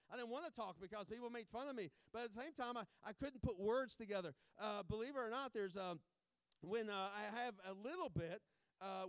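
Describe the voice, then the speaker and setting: A pastor giving informal, joking remarks before a sermon, rambling with many restarts. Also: male voice, sits high, no echo.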